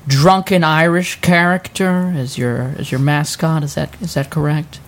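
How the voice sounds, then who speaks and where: A woman's voice: low-pitched, steady tone, measured pace, slight background noise. A woman improvising a comedy scene in a pushy, sarcastic, mock-earnest way. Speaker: improv performer. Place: small theater stage.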